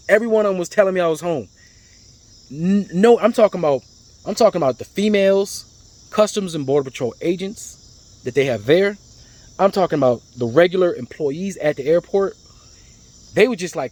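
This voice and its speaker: A man, talking in a rambling, casual storytelling monologue, repeating words and getting animated as he tells his stories. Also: fairly high pitch, moderate pace, no room sound. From United States. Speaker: vlogger.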